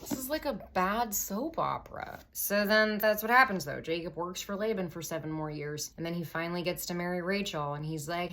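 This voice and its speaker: A woman's voice: fairly low pitch, normal speed, few pauses, fairly bright tone. A young woman hosting a tipsy comedy retelling of Bible stories, sarcastic and profane, full of valley-girl fillers. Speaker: comedy podcast host.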